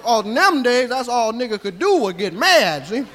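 A faint crowd and live hall reverb surround a man doing a full character voice, very high with big pitch swings, a fairly bright tone and moderate pace. His stand-up monologue portrays an old, rambling country storyteller with a Southern drawl, folksy and coarse, forever asking "see?"

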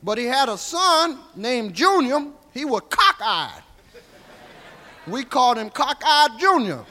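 Brief: a comedian voicing an old Southern country man spinning tall tales, bright high voice, live hall echo. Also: very animated, slow, full character voice. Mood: rambling. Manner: drawling, folksy, coarse, keeps asking "see?". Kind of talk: stand-up character monologue.

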